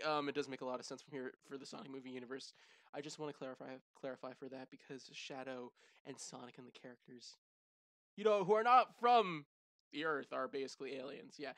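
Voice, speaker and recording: Young gamer freaking out over a trailer, sharp bright voice, super lively, dry close mic. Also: mid-range voice, no room sound. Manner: hyper, shouts and laughs, lots of "bro" and "oh my gosh". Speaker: gaming channel host. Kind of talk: excited trailer reaction.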